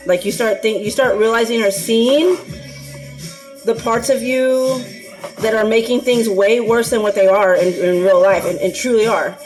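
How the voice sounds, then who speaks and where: A woman's voice: a little high, steady tone, normal speed, darkish tone, soft background music, low-quality recording. A woman talking casually in a rambling vlog, filling her speech with ums and laughs while she cooks for her dogs. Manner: chatty, rambling, frequent fillers and laughs. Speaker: anxiety vlogger.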